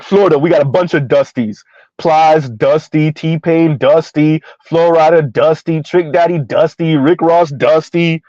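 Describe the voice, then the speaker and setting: A middle-aged man riffs in a loose comic rant, laughing between lines. His voice sits high and lifts into a sing-song on every repeated punchline. The recording is dry and a little dull, like a lo-fi home setup. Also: steady tone, measured pace, warm tone, dry recording. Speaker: commentary vlogger. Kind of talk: casual comedic rant.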